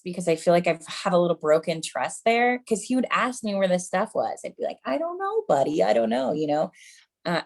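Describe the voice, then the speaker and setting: A woman in her thirties doing a stand-up set, chatty and self-mocking, often calling the crowd "you guys". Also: on the low side. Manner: self-mocking mom jokes. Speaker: stand-up comedian.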